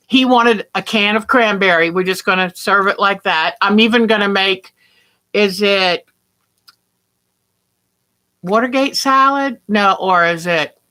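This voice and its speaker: A woman's voice: mid-range voice, bright, forceful tone. A woman hosting a casual quilting livestream, chatting and greeting viewers by name.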